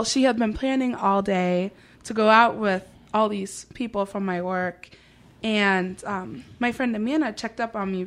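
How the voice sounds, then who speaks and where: A young woman in casual chat, telling a story through quoted back-and-forth and saying "like" a lot. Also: a little high. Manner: tells stories through quoted dialogue, says "like" often. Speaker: guest.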